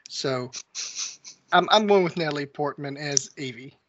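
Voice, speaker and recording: A man co-hosting a casual movie podcast, talking haltingly with many fillers and restarts. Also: on the high side, a bit bright. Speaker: podcast co-host. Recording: dull lo-fi sound with faint noise.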